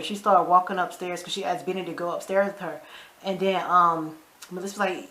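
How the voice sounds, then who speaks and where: A woman, casually recapping a TV episode in an animated way, acting out the characters' lines and adding her own side comments. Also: fairly low pitch, a little fast, reverberant. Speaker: show recap vlogger.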